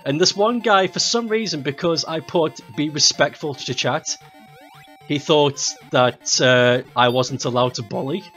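A streamer in their thirties chatting casually over a game, blunt and quick to swear and laugh. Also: mid-range voice, a bit bright, lo-fi sound, faint music behind.

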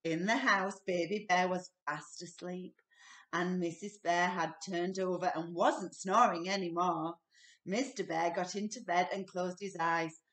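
A woman reading a children's picture book aloud with expressive delivery and playful sound effects. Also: lowish voice, a little slow. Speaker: storybook reader. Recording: echoey room, distant mic.

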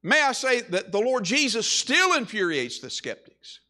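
Pastor, male, high bright voice, lilt, emphatic sermon delivery that swells and drops. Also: big pitch swings, moderate pace. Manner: emphatic preaching, rising and falling with repeated phrases.

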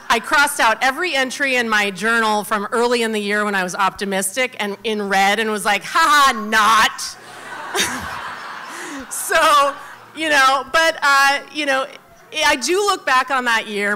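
Bright, chatty American woman telling a story. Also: fairly high pitch, a little hiss or hum. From United States. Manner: animated, chatty, with many fillers. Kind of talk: live personal storytelling. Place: live club stage.

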